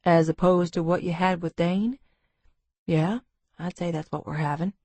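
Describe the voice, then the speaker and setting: A woman reading an audiobook voices a charming, confident adult man who speaks in a calm, reassuring way. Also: fairly low pitch, moderate pace, no room sound.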